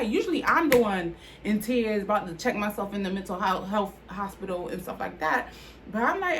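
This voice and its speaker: Woman, 30s, candid faith vlog, higher voice, faint ambience. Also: expressive, normal speed, a little hiss or hum. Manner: candid, conversational, heartfelt, with frequent "like" fillers. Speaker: vlogger. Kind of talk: personal testimony vlog.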